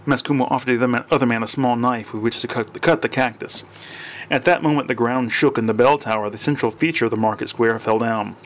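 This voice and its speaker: This is a man reading a strange comic tale aloud at a mid pitch. He trips over words and goes back to fix them, then carries on without fuss. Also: quick pace. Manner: unpolished reading with frequent restarts and self-corrections. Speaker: audiobook narrator.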